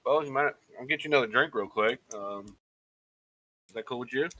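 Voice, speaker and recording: A man's voice: mid-range voice, brisk, bright, forceful tone. A man playing in a tabletop game, joking and asking questions in casual banter. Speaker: player. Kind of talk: tabletop role-play.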